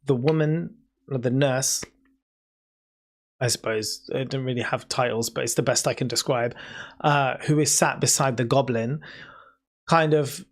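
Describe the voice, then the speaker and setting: British game master, halting narration. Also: medium pitch. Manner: hesitant, many ums, descriptive.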